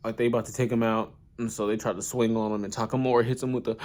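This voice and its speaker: A man's voice: lowish voice, fast talker. A young man casually retelling an anime plot in a rambling, slang-heavy way, doing bits of voices. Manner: rambling, slangy, animated storytelling.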